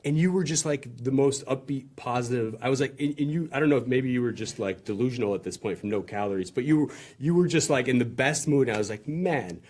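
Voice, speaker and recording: A man's voice: mid-range voice, fast talker, few pauses, a little mellow. A man interviewing a guest in casual chat, his phrasing loose and full of fillers and repeats.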